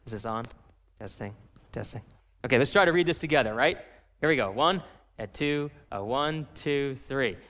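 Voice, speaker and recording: A man preaching a sermon as pastor, animated and acting out the voices of people in his story. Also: mid-range voice, normal speed, long reverb tail.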